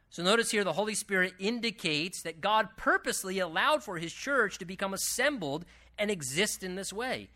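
Preacher at a church service, emphatic, keeps repeating the big line, bright edgy voice. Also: mid-range voice. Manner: emphatic, repeats key phrases. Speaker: pastor. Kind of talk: sermon.

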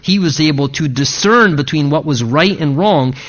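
A man's voice: fairly high pitch, moderate pace, fairly bright tone. A man preaching an expository sermon, working verse by verse and breaking into conversational asides. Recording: dull lo-fi recording.

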